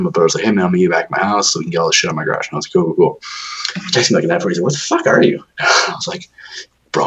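Deep-voiced man, profane and rambling. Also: a bit bright, low-quality recording. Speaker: new homeowner. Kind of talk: casual chat.

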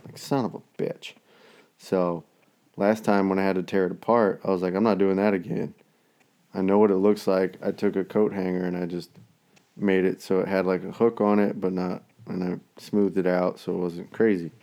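A man's voice: deep voice, little pitch movement, normal speed, dark tone. A man in casual chat, rambling through everyday stories and swearing constantly.

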